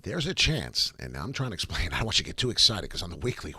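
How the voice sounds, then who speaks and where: A man hosting a live crypto chart commentary, excitable, profane and rambling. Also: low voice, fairly quick, gravelly, few pauses, husky, no room sound. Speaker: crypto chart analyst, channel host.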